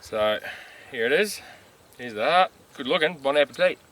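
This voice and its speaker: A man talking to camera during a mountain hunt, relaxed and chatty, with plenty of ums and uhs, recorded outdoors on a steep slope. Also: medium pitch, moderate pace, rough recording. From Australia. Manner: relaxed, chatty, lots of filler words. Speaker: hunter filming a hunt. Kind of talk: casual on-camera hunting vlog.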